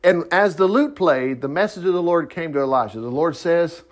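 A man's voice: a little high, expressive, moderate pace. An older man teaching a Bible story in a folksy way, with chuckling asides, retelling the characters' words in his own voice.

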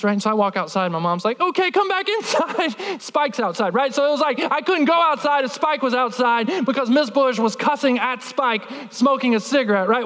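A man preaching a sermon, telling a childhood story in an animated, humorous way with lots of filler words. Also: extremely high pitch, big-room sound. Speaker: pastor.

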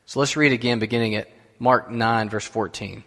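A man's voice: medium pitch, fairly even intonation, moderate pace, fairly bright tone. A man giving a sermon as pastor, in a conversational way that puts questions to the listeners. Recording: long hall reverb.

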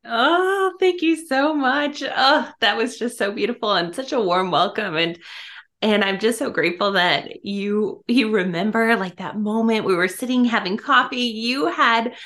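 A woman's voice: a little high, unhurried, a bit bright. Effusive woman podcast guest, laughing often. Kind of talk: casual podcast interview.

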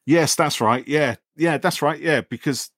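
Dry, animated man chatting casually. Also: on the high side, measured pace, dry recording. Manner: animated, acts out quoted lines in a raised voice. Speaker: podcast co-host discussing a film. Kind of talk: casual chat.

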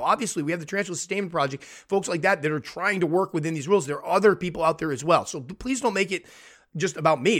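Male podcast host, slightly high voice, earnest and argumentative monologue full of rhetorical questions. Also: a bit bright. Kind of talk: impassioned monologue.

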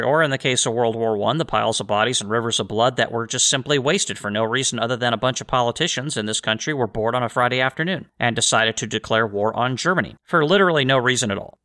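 Impassioned man with a bright voice. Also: medium pitch. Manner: impassioned, rambling with frequent restarts. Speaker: podcast host. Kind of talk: solo podcast monologue.

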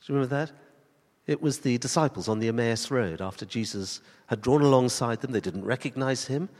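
A man preaching a sermon to his church congregation, swinging from emphatic rising questions to slow, soft emphasis. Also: mid-range voice, in a large hall. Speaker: pastor.

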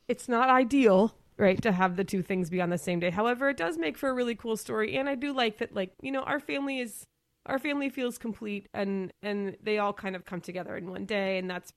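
A woman's voice: medium pitch, normal speed, dry recording. A woman in her thirties co-hosting a podcast in casual chat, who laughs often and trails off and restarts her sentences. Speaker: podcast co-host.

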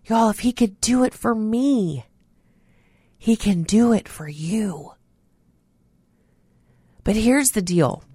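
A woman preaches a radio devotional in a slow, deliberate delivery, earnest and emphatic. Her voice sits at a middling pitch and comes across dry and close, with no room sound. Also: mellow, husky, no echo. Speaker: radio host. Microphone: studio mic.

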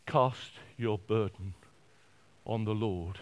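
A man preaching a sermon, emphatic and repetitive, swinging from quiet to loud. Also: fairly low pitch, slow.

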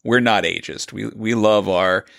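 A man's voice: lowish voice, unhurried, creaky, fairly bright tone, no echo, studio quality. A man co-hosting a podcast in casual, jokey chat, laughing easily as he leads the segments. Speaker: podcast co-host.

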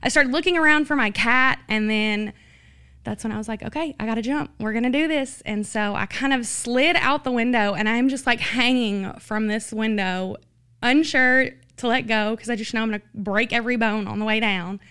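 Brief: a woman giving a testimony, high and crisp, earnest. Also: moderate pace, pushed and bright. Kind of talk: personal testimony.

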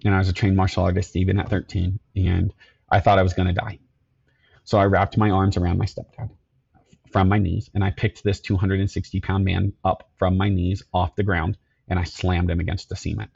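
Man, middle-aged, gravelly husky low voice; earnest halting storyteller. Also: level tone, darkish tone, lo-fi sound. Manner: earnest, halting, repeats himself. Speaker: podcast guest, security company owner. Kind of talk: telling his life story.

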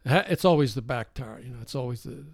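An older man co-hosting a podcast, telling a casual story with animated asides and frequent laughter. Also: medium pitch, quick pace, gravelly, dry recording, studio quality. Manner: animated anecdote-teller, laughs often. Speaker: podcast co-host.

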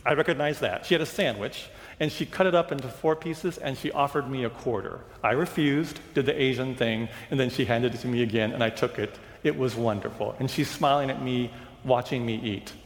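A man preaching a sermon in a church, telling a story in a lively way and acting out the other characters. His mid-range voice carries a long reverb from the hall. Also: medium pitch, fairly quick, few pauses. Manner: storytelling, acts out reactions. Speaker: pastor. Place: church sanctuary.

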